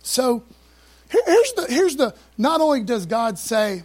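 A man preaching with a rather high, husky voice. He talks to his listeners in a loose, conversational way, dropping slang and asides between scripture readings. He gets excited and rushes ahead when fired up. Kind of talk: sermon.

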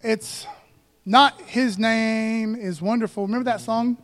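Guy preaching, high voice, jokey and chatty w the church. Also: a little slow. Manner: conversational, joking, calls out to congregation. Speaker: pastor. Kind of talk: sermon.

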